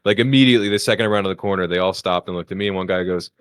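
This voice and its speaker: A chatty man with a fairly low voice on a comedy podcast, recorded close and dry. He tells stories casually and acts out the other people in them with quick character voices. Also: clean tone, no room sound. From Philadelphia area. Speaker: podcast co-host.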